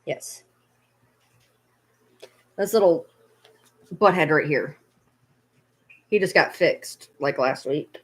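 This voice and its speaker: A woman's voice: low-pitched, slow, pauses often, breathy edge. A woman vlogging casually at home, playfully scolding her dogs in a baby-talk tone. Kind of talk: casual vlog chat.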